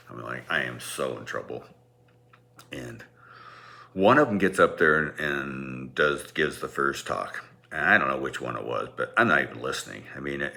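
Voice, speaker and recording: A man's voice: extremely low pitch, gravelly, pushed and bright. A middle-aged man telling a personal story in a rambling, self-deprecating way, with many restarts.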